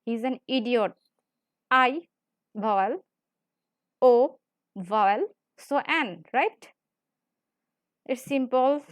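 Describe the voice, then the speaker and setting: Woman teacher with a high voice, explains grammar rules over and over, keeps asking "right?", dry close sound. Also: dry recording. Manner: repetitive, explains slowly with frequent "right?". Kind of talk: classroom lecture.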